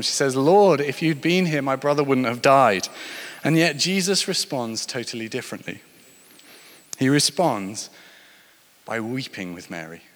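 A man's voice: mid-range voice, a bit bright. A man preaching a sermon, telling stories and building to emphatic points. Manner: storytelling, rising and falling with emphasis. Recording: long hall reverb.

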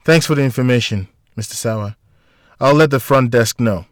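A man voicing a kind, calm female hospital nurse in an audiobook, polite and reassuring. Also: mid-range voice, normal speed, dry recording, studio quality, natural voice. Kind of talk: audiobook character voice.

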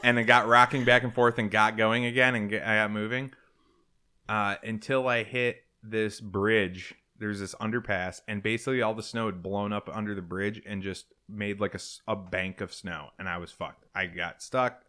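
A man's voice: lowish voice, steady tone, normal speed, bright, forceful tone. A man co-hosting a casual show, telling a long, profane anecdote in a loose, chatty way. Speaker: co-host. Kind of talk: casual storytelling chat.

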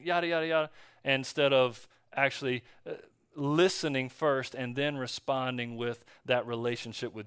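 A male pastor preaching a conversational sermon, telling a story in a relaxed way with fillers and restarts. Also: medium pitch, clean tone, no echo, studio quality. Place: church.

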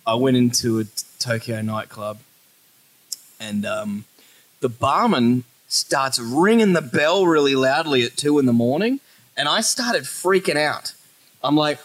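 An Australian man in his thirties with a lively, swooping voice, spinning crude anecdotes on a podcast. He swears often and laughs through his own stories, with a middle pitch that rises and falls a lot. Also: moderate pace, rough recording. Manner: swears freely and laughs while telling stories. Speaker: podcast co-host. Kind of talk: casual chat.

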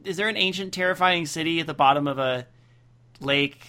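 A man's voice: fairly high pitch, fairly quick, pushed and bright. A man co-hosting a casual comedy podcast, reading out list items and riffing on them sarcastically. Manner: sarcastic, reads list items aloud and riffs. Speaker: podcast co-host.

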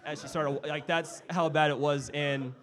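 A young man with a slightly higher-than-usual voice tells a personal story in casual conversation. He is animated and chatty, full of fillers, and jumps into the voices of the people in his story. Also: normal speed. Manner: animated, acts out family voices with filler words.

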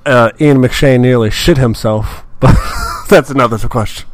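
A man co-hosting a casual podcast, loud and excitable, swearing a lot and acting out scenes as he recaps them. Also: medium pitch, normal speed. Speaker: podcast co-host recapping a TV episode. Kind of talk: casual profane chat.

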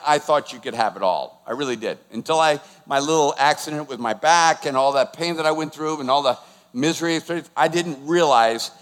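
A man in his sixties preaching a sermon as pastor, animated and emphatic, putting questions to the congregation. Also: fairly high pitch, in a large hall. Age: 60s.

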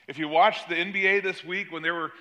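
A man's voice: fairly even intonation, fairly quick, bright, forceful tone. An older man, a pastor, preaching a sermon and telling a story about his granddaughter. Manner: storytelling, acts out quoted voices with rising pitch.

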